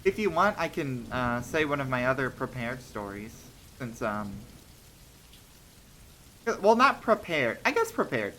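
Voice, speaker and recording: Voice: mid-range voice, sharp tone, a little hiss or hum. A streamer telling short stories on a casual livestream, hesitant with many ums and restarts, laughing between thoughts.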